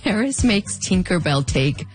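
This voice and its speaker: A woman's voice: fairly low pitch, sing-song, measured pace, soft background music. Wry woman with a fronterizo accent. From US-Mexico border region. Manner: wry, conversational storytelling. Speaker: host. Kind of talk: scripted narration.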